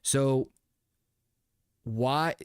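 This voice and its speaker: A man hosting a loose podcast, rambling through his points with plenty of swearing, stalls and restarts. His mid-low voice sounds close and dry, with no room around it. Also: very slow, clear, resonant tone, no echo. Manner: profane and rambling, full of fillers and restarts. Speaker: podcast host. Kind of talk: casual podcast chat.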